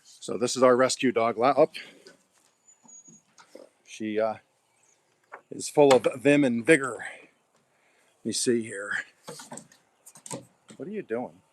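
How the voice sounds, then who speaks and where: A man's voice: mid-range voice, slow, pauses often, slight background noise. Man, middle-range voice, folksy, rambling, outdoor gardening chat. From Oklahoma. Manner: folksy, rambling, chats to his dog. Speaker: gardening vlogger. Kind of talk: casual chat while gardening.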